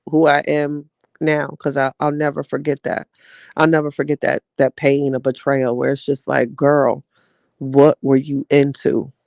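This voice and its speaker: A woman whose creaky, darkish voice sits low reads live chat on her podcast, recorded in studio quality without room sound. Casual and heartfelt, she drawls and chats with listeners, often calling them "child" and "y'all."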